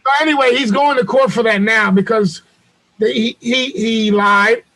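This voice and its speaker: High gravelly guy on a video call, loud profane storytelling. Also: normal speed, poor audio. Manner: loud, profane, animated retelling with acted quotes. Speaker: podcast host.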